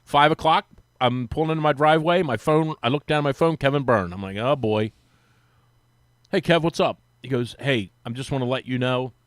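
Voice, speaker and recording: A man on sports radio telling a long anecdote in casual chat, acting out the quotes with a rising, lively voice. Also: medium pitch, a little fast, dry recording. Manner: animated, acts out quotes with rising voice. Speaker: sports radio guest, former team reporter. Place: radio studio.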